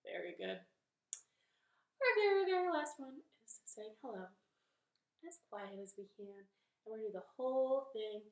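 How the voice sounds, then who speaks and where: A woman's voice: on the high side, expressive, normal speed, long pauses, roomy sound. A young woman hosting a children's storytime from her living room, cheerfully coaxing kids to sing along with a ukulele. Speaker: library storytime host.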